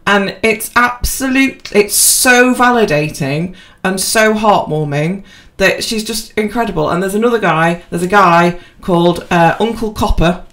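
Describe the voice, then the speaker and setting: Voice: medium pitch, a little slow, few pauses, a bit bright. Casual rambling co-host, filler-heavy, unpolished podcast chat. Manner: rambling, self-deprecating, with many fillers and restarts.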